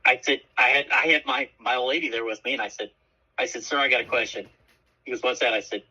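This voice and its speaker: A man's voice: mid-range voice, quick pace, slightly rough, lo-fi sound. A man co-hosting a radio show, telling a story in a casual, profane way and acting out the voices of the people in it. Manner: animated, profane, acts out quoted voices.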